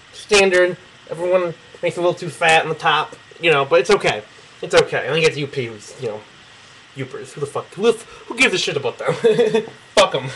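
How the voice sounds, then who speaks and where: A man's voice: on the high side, a bit bright, slight background noise, rough recording. Profane, laughing young man sketching maps. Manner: profane, joking, laughs often. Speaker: video replier. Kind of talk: casual rambling map-drawing explanation. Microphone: camera mic close to the face.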